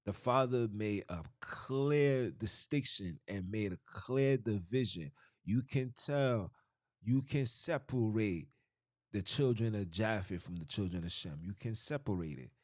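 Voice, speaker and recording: Deep-voiced preachy New man. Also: animated, unhurried, a little mellow, no echo, studio quality. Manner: emphatic, repetitive, frequent restarts. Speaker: podcast host. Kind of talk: preachy monologue.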